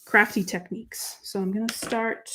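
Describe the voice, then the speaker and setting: A woman hosting a live crafting show, chatting with viewers and talking through each step, her voice dropping to quiet murmurs while she writes. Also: medium pitch, steady tone, normal speed, background noise. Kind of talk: live crafting chat, answering viewer comments.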